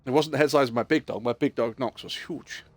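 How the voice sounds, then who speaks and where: A man's voice: medium pitch, fast, no room sound, faint music behind. Guy streaming games, rambly and sweary, tells long stories, really dry close sound. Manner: rambling storyteller, swears freely, chuckles. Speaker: game streamer. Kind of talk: casual live-stream chat.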